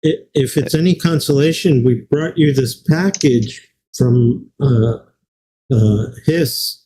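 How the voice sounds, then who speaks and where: A man's voice: medium pitch, slow pace, dark tone, husky, low-quality recording. A man taking part as a player in a tabletop game, speaking hesitantly.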